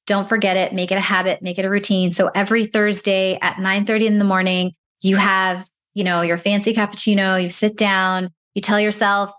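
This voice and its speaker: A woman's voice: mid-range voice, flat delivery, brisk, hardly any pauses, fairly bright tone. A woman speaking as a career break coach in an interview, giving encouraging advice and acting out little inner voices.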